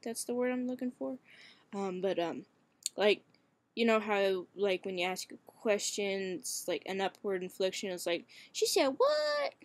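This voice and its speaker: A man's voice: high voice, fairly even intonation, normal speed, dry recording. Hesitant young man, cracking voice. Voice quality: voice cracks and turns shaky. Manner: hesitant, many fillers, frequent swearing. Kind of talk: casual webcam vlog.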